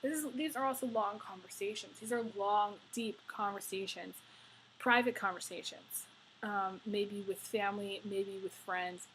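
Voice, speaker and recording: A woman's voice: mid-range voice, unhurried, fairly bright tone, slight background noise, low-quality recording. A woman giving a tarot reading to camera, talking in a rambling, effusive way with many fillers. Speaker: tarot reader.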